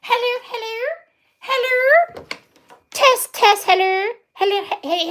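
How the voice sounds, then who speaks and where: A woman's voice: extremely high pitch, takes it slowly, a bit bright. A woman who grooms dogs, hosting a silly improvised live skit in a playful, repetitive way and breaking into laughs.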